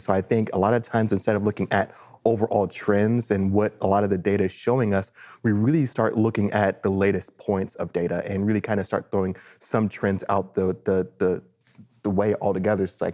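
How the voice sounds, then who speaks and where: A man co-hosting a podcast, explaining ideas in a thoughtful, halting way. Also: fairly low pitch, flat delivery, a little mellow. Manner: thoughtful, halting, restarts phrases. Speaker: podcast co-host. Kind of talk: casual market discussion.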